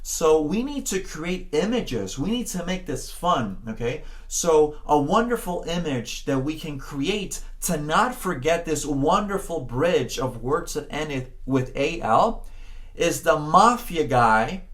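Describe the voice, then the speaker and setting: A man teaching a Spanish pronunciation lesson, encouraging the learner, often checking in with "okay?", and drawing out words slowly to model them. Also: a little high, lively intonation. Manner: slow, drawn-out words when modeling sounds. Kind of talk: spoken language lesson.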